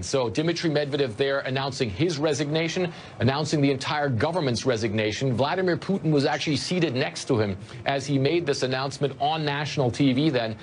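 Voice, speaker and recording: A male news correspondent giving a measured live report. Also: medium pitch, slight background noise. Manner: measured, informative.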